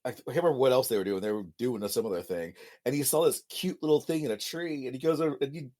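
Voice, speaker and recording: A man co-hosting a podcast in casual chat, mocking and animated, acting out quotes and laughing often. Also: medium pitch, fast talker. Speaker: podcast co-host.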